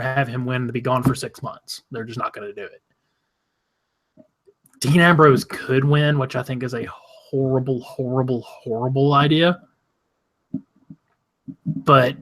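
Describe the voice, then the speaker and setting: A man's voice: mid-range voice, fairly bright tone. A man co-hosting a casual wrestling podcast, giving blunt opinions and swearing freely. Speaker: podcast co-host.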